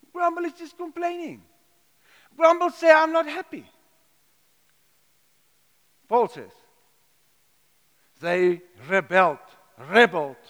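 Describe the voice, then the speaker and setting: A man's voice: sits high, a bit bright. A man preaching a sermon, emphatic, repeating words and asking rhetorical questions. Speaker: pastor. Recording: long hall reverb.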